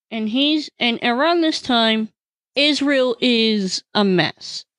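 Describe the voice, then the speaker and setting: A woman hosting a solo podcast, talking through a devotional topic in an animated storytelling way and acting out the people she quotes. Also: on the high side, dry recording. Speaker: podcast host.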